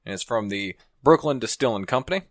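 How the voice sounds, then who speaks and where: A man's voice: mid-range voice, animated, fast talker, lightly acted. A man putting on a folksy, drawling old cowboy voice.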